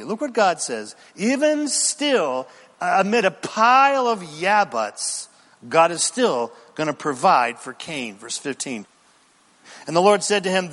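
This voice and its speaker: A man preaching a sermon, animated, with rhetorical questions to the congregation and dramatic pauses. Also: high-pitched. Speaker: pastor. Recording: long reverb in a large hall.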